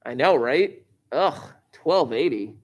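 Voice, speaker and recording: A man's voice: on the high side, expressive, slow pace. A man teaching a math lesson to a class, explaining step by step with wry, joking asides.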